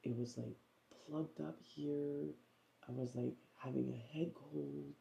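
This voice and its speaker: A woman's voice: a bass voice, fairly even intonation, takes it slowly, vocal fry, dark tone. A woman vlogger chatting casually at home, rambling through a story with lots of fillers. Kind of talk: casual vlog chat.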